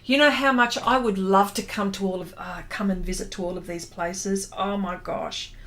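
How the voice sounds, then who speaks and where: A middle-aged Australian woman, an artist hosting a livestream, chats casually with her viewers and reads out their comments. She's giggly and hesitant, with lots of ums, speaking at a moderate pace in a medium-pitched, slightly bright voice with fairly even intonation.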